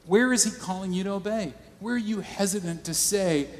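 Male pastor, fairly high voice, conversational sermon, storytelling, long church reverb. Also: a little fast.

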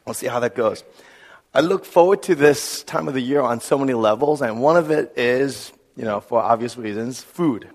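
A hoarse male pastor with laryngitis, giving a chatty, joking sermon to his congregation. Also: medium pitch, normal speed. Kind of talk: conversational sermon. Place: church sanctuary with congregation. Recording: long hall reverb.

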